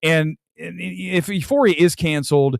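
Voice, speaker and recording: A man hosting a movie talk livestream, ranting in an animated way and reading viewer comments aloud. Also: fairly high pitch, moderate pace, creaky, no room sound. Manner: animated, ranting, reads viewer super chats. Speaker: movie talk show host. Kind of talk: livestream movie review chat.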